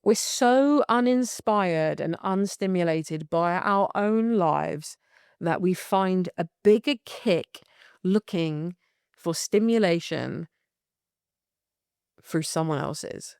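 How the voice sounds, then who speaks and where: Sweary, animated British woman podcaster. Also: on the low side, slow pace, creaky, smooth, no room sound, clean studio sound. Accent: British English. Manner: swears freely, animated and laughing. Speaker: podcast host. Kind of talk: candid solo podcast monologue.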